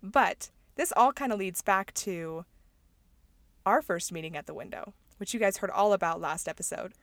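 A woman co-hosting a podcast in easy conversation, talkative and laughing often, with plenty of agreeing murmurs. Her voice sits at a middle pitch. The recording is dry and close. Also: normal speed, fairly bright tone, no room sound. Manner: talkative, laughs often, says mm-hmm a lot. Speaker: podcast co-host. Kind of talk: casual chat.

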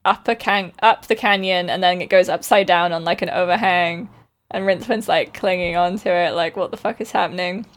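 A woman's voice: fairly low pitch, fairly even intonation, normal speed. A woman co-hosting a podcast, telling a story in a loose, rambling way. She fills her talk with "like" and "um" and laughs often. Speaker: podcast co-host. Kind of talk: casual chat, retelling a book.

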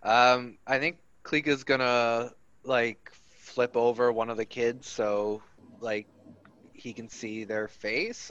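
A man's voice: mid-range voice, steady tone, slow, fairly bright tone, clear, resonant tone, no echo. A man playing a tabletop game, tentative and drawn out. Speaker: player. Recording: dull, dry mic.

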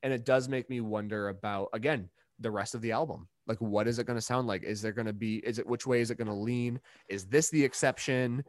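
A man's voice: mid-range voice, fairly even intonation, a little fast, hardly any pauses, no room sound, clean studio sound. A young man co-hosting a podcast in casual chat, rambling and jokey, with restarts and bursts of laughter. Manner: rambling, jokey, breaks into laughs and mock voices. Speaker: podcast co-host.

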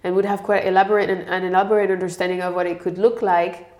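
A woman's voice: on the low side, little pitch movement, quick pace, darkish tone. A woman from France, answering interview questions in a thoughtful, explanatory way. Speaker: guest expert. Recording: echoey room.

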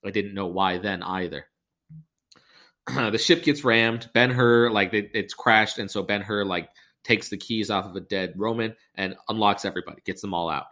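A man's voice: fairly low pitch, fairly even intonation, moderate pace, sharp tone. A man hosting a podcast, retelling a film in a rambling, sarcastic and profane way. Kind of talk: comedic film recap.

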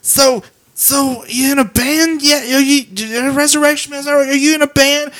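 A woman's voice: high voice, little pitch movement, moderate pace, a bit bright, pitched above the performer's own voice. A man voicing a pushy drunk woman who keeps repeating herself with slurred, insistent questions. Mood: nagging.

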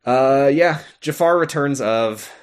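A man co-hosting a podcast talks casually about a video game, laughing often and acting out the characters' lines. His voice is medium-pitched and slow.

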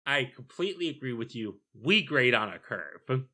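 Guy talking movies with a friend, bright voice, dry wry delivery. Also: mid-range voice, sing-song, normal speed. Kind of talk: casual film discussion.

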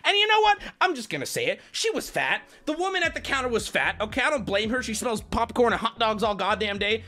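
A male streamer telling a story in casual livestream talk, animated and swearing, rambling with restarts. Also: extremely high pitch, fast talker, few pauses.

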